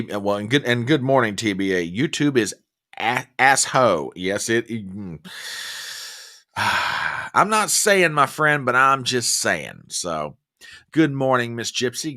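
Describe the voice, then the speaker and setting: A man's voice: lowish voice, sharp tone. A man hosting a casual live stream, chatting and joking and greeting viewers by name. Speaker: livestream host.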